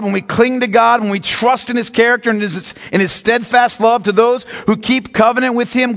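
A man with a notably high voice preaches a sermon, stretching key words and then rattling off quick asides. He sounds middle-aged. The words ring out in a long hall reverb. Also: fairly bright tone. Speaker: pastor.

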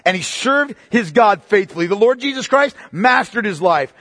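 High-pitched, emphatic preacher man. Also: animated, dry recording, studio quality. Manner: emphatic, rising to forceful preaching, then dropping low and slow; addresses listeners as "beloved", asks pointed questions. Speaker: pastor. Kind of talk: sermon.

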